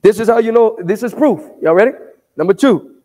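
A man with a notably high voice preaches a sermon in a church sanctuary, tossing questions out for the congregation to answer. He pushes up into shouted emphasis at times, and his words ring out with the long reverb of a large hall. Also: brisk. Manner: call-and-response preaching, asking the congregation to answer back. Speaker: pastor.

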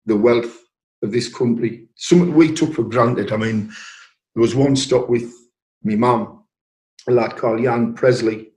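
A man's voice: on the low side, darkish tone. An older man, a former miner and trade unionist, telling stories in an interview, repeating words and acting out quotes. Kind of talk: storytelling in an interview. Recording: echoey room.

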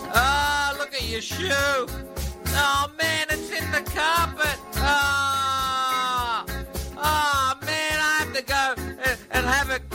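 A man playing a fussy homeowner who complains in outraged disgust, groaning "oh" again and again. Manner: shrill outraged complaining, repeated "oh". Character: disgusted fussy male homeowner, house reeks.

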